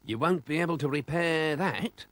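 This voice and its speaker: A man voicing a gloomy family father in a storybook, speaking slowly and mournfully. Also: fairly high pitch, a bit bright, no echo, voice pushed up, close to an everyday voice. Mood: glum. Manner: slow, drawn-out mournful delivery.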